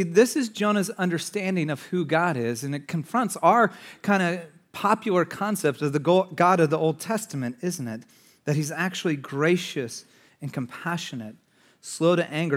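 A man preaching a sermon to a congregation in an energetic, conversational way, swinging between loud outbursts and hushed asides. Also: high voice. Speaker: pastor. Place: church in front of a congregation.

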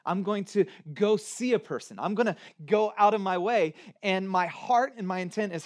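Man preaching in a relaxed, chatty way. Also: high voice, moderate pace. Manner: conversational preaching with wide swings from loud to hushed. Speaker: pastor. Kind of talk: sermon.

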